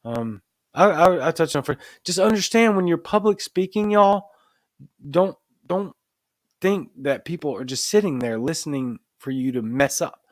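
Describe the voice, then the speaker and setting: A man's voice: on the high side, lively intonation, normal speed, dry recording. A man with a Cajun accent hosting a live show, talking casually to viewers and reading their comments, earnest and emphatic, often restarting his phrases. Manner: earnest, repeats himself, restarts phrases, builds to emphatic points. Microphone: desk microphone in front of camera.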